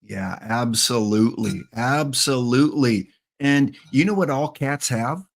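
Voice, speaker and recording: A man livestreaming a game from home, talking in a relaxed, mid-range voice. He rambles, jokes and gives viewers shout-outs between picks. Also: medium pitch, measured pace, vocal fry. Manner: chatty, jokey, thanks viewers by name. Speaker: streamer. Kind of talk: casual live-stream chat while playing.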